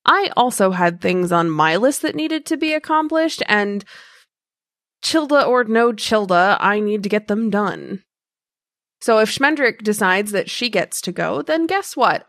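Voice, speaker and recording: A woman playing a tabletop role-playing game, unhurried and sardonic. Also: mid-range voice, lively intonation, a bit bright, no room sound, studio quality. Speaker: player. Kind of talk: tabletop role-play, in and out of character.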